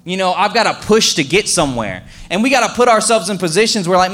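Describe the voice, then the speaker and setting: A man's voice: high voice, expressive, fast talker, few pauses, a bit bright. A young man preaching a casual, conversational sermon as a pastor, full of fillers and acted-out quotes.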